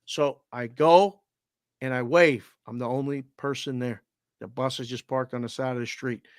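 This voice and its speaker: A man co-hosting a sports betting show who tells stories in an animated, profane way. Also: medium pitch, moderate pace, smooth, no echo, clean studio sound. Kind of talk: casual sports betting chat.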